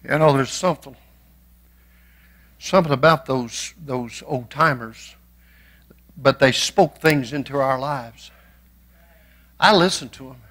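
A man preaching a church sermon, swinging from folksy storytelling to passionate shouting. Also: medium pitch, slow pace, pauses often. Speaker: pastor.

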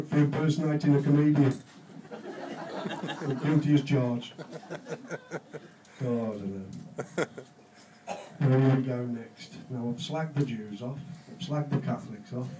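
A man's voice: mid-range voice, normal speed, long pauses, a little hiss or hum. Rowdy man telling jokes. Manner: laughing, swearing banter. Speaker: amateur joke teller. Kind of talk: pub joke telling to friends. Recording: echoey room from far off with loud crowd.

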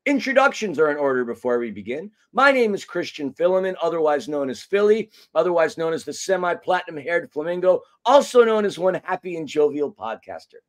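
A man hosting a soccer fan podcast in a casual, joking way. His voice sits a bit high for a man, and he delivers his introductions with playful flourish. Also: big pitch swings, fairly quick, few pauses. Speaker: podcast co-host. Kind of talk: casual sports podcast chat.

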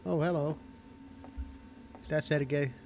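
Man, let's-play commentary, sarcastic, swears freely, slightly higher voice, faint hiss behind. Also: fairly even intonation, measured pace, a little mellow. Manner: sarcastic, swears a lot, laughs at the game. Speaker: gameplay commentator.

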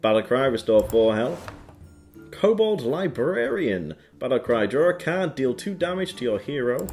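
A man's voice: medium pitch, very animated, a little slow, darkish tone, soft background music. A man hosting his own gaming channel, casually commenting on a card game with playful quips and goofy sound effects while reading card text aloud.

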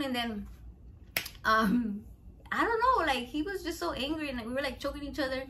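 A woman's voice: high-pitched, animated, normal speed, a bit bright. A woman in her thirties cooking at home, telling rambling, profane stories and mixing in Spanish words. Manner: rambling, profane, chatty storytelling; mixes Spanish words into English. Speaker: cooking vlogger. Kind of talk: casual cooking vlog chat.

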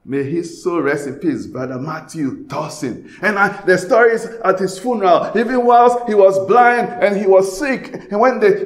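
A man from Ghana preaching a sermon as pastor, swinging between loud passionate bursts and hushed pleading. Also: high voice, reverberant.

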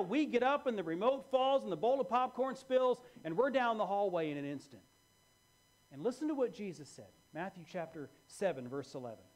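A man preaching a sermon as pastor in a church, animated and moving between hushed and loud delivery. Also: sits high, normal speed.

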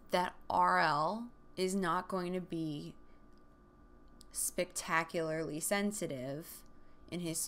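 A woman's voice: lowish voice, sharp tone. A young woman hosting a comedic book-recap show, retelling the story with sarcastic jokes and asides. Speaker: podcast host.

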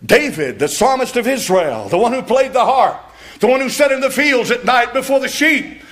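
Male pastor, high and bright, preaching with rising shouts and repeated words. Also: very animated, moderate pace. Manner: swings from soft reading to shouting, repeats words for emphasis. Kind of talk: fiery sermon.

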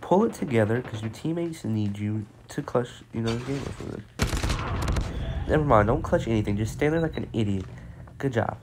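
A man giving casual, excitable gameplay commentary, full of slang and self-mocking trash talk, with game gunfire behind him. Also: medium pitch, normal speed, noisy background. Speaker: gameplay streamer. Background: game gunfire and explosions.

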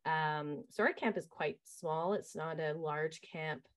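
Chatty lower-voiced woman, camp director. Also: slow pace. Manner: lively, acts out quoted voices, many fillers. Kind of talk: casual interview storytelling.

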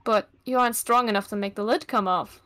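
A woman's voice: mid-range voice, brisk, bright, forceful tone. A young woman co-hosting a webcomic read-along, chatty and teasing, who laughs easily. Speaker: co-host, reading narration. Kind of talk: casual chat.

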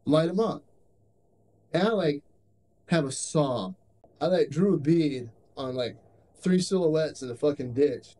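Profane young soldier telling war stories. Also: male voice, fairly high pitch, a little slow, long pauses, warm tone, slight background noise, poor audio. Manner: profane, rambling, laughs while telling. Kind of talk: casual war story. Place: military base in Iraq. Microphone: handheld camcorder.

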